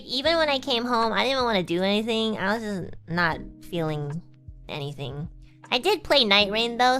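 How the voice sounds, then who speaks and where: A young woman streamer casually telling a personal story, animated and exaggerated, acting out the people she quotes and laughing along. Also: mid-range voice.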